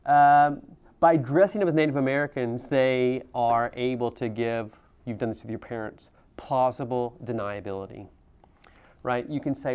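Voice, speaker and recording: Guy teaching history in a classroom, smooth clear voice, chatty, keeps asking the kids questions. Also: mid-range voice, moderate pace, a little mellow. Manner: conversational, asks the class questions. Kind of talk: classroom lecture.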